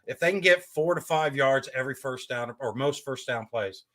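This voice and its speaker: A man's voice: medium pitch, moderate pace, a bit bright. A man co-hosting a live game reaction stream, cheering on his team and chatting casually. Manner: cheering fan, casual banter. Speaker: co-host fan.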